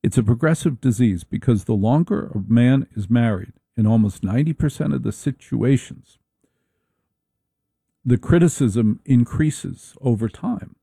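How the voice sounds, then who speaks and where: Gravelly, dark-voiced middle-aged man. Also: mid-range voice, animated, dry recording. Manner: wry, deliberate, drawn-out delivery. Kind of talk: casual humorous monologue.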